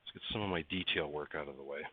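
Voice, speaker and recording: A very deep, husky male voice speaks fast on a casual livestream from a workshop barn indoors. The host chats with viewers, addressing them by name while coaxing parts during his work, and the audio comes across dry and phone-like tinny.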